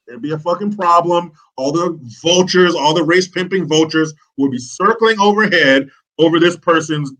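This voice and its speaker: Man, podcast guest, swearing and mocking, bright voice. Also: fairly high pitch, rough recording. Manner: profane, ranting, mocking. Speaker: podcast guest, online commentator. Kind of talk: casual podcast chat.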